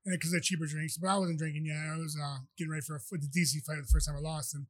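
A man who is a professional fighter, chatting as a podcast guest and telling rambling, animated anecdotes. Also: fairly high pitch, rapid-fire, slightly rough, no echo. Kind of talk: casual storytelling.

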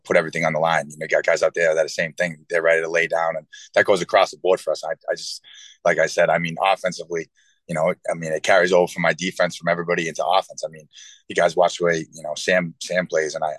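A man's voice: deep voice, a bit bright, no echo, poor audio. A man in his thirties, a professional football player, answering interview questions earnestly with lots of fillers. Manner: earnest, rambling with many fillers. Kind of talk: casual interview talk.

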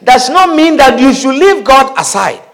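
A man preaching a sermon in an animated way, calling out hallelujah and amen and asking the congregation questions. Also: very high voice, moderate pace.

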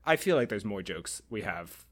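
A young man chatting casually, rambling and animated, laughing often. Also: fairly low pitch, normal speed. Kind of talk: casual chat.

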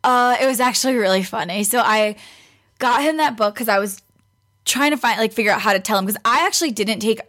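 A chatty young woman with a slightly high voice tells a story in a relaxed interview. She slips into the voices of the people she quotes and laughs easily as she goes. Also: fairly quick. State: pregnant. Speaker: guest. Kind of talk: casual storytelling.

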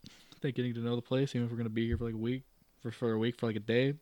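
A man's voice: mid-range voice, level tone, very fast, warm tone, dry recording. A man reading a gamebook aloud and musing over his choices, with self-deprecating asides. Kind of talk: casual reading and commentary.

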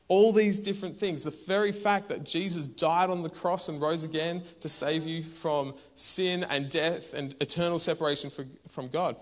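A man, preaching a conversational sermon in a church. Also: a little high. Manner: conversational and animated, bursts into shouts. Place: church hall.

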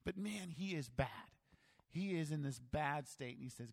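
A man's voice: medium pitch, normal speed, gravelly. Conversational male pastor in an echoing sanctuary. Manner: conversational, self-deprecating humor. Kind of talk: sermon.

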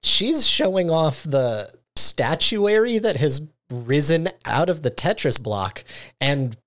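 A podcast host recapping a show episode in casual chat, acting out the characters' lines. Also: medium pitch. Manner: animated storytelling, acting out lines.

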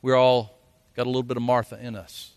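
A pastor preaching a folksy sermon, now and then acting out quotes in a loud voice. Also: male voice, medium pitch, little pitch movement, brisk, clean tone. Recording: long hall reverb.

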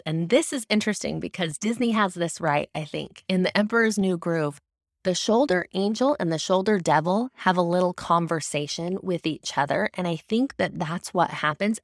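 Lady doing a faith talk, kinda low voice, earnest and explaining stuff, dry sound no room. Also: no echo. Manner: earnest, explanatory, with occasional restarts. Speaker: devotional speaker. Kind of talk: faith-based teaching talk.

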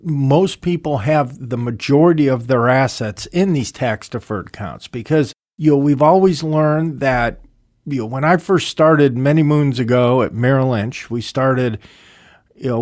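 Male advisor co-host, easygoing and plain-spoken, medium pitch, dry studio sound. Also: no echo. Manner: relaxed, conversational, explains plainly. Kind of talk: casual podcast chat.

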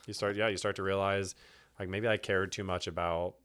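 Low-voiced man talking faith casually. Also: level tone, a little fast, a bit bright. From Texas. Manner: rambling, many restarts and fillers, laughs often. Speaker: podcast guest, church elder candidate. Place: indoor room with host.

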